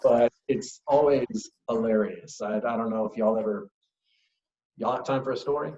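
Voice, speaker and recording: A man's voice: mid-range voice, normal speed, darkish tone, a little hiss or hum. A man, a whiskey brand ambassador, telling stories as a guest in a casual interview, with an easygoing manner and frequent chuckles. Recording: echoey, dull lo-fi remote audio.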